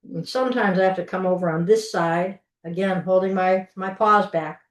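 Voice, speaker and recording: A woman's voice: lowish voice, normal speed. A middle-aged woman leading a live online cooking class from her home kitchen, talking in a folksy, chatty way and often restarting her sentences while she works. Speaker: cooking instructor. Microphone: video call from a distance. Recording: roomy kitchen, mic far off.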